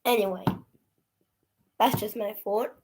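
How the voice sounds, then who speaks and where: A woman's voice: medium pitch, steady tone, measured pace, darkish tone, a little hiss or hum. A woman casually recapping a movie on a livestream, chatty and laughing often as she acts out the characters' lines. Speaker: movie reviewer.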